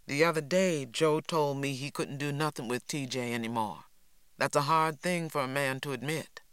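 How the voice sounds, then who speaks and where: A man reading an audiobook, voicing a steady rural father who speaks quietly and firmly. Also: mid-range voice, moderate pace, smooth, no room sound, lightly acted. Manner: calm, quiet and firm.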